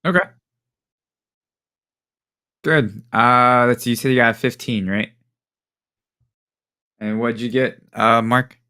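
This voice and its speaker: Man as game master for a tabletop game, slow and bright, dry close sound, casual with lots of ums. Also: mid-range voice, fairly even intonation, clear, resonant tone, dry recording. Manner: casual, hesitant, with many fillers and chuckles.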